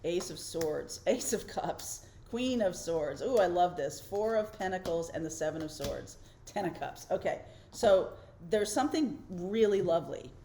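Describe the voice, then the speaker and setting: A woman's voice: fairly low pitch, expressive, unhurried, few pauses, dark tone, slight background noise. A middle-aged woman hosting a casual tarot reading, chatty and reassuring, thinking aloud with fillers. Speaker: tarot reader and channel host.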